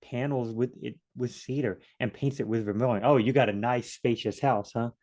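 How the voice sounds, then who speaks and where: Man, casual Bible study teacher, chatty, thinks out loud, mid-pitched voice. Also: steady tone, moderate pace. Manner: chatty, thinks aloud, joking asides.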